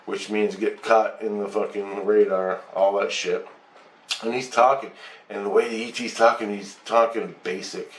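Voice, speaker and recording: A man telling a rambling, profane story in a casual, animated way, acting out what was said. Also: fairly low pitch. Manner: rambling, profane, animated retelling with acted-out quotes. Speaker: channel host. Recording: echoey room with faint noise.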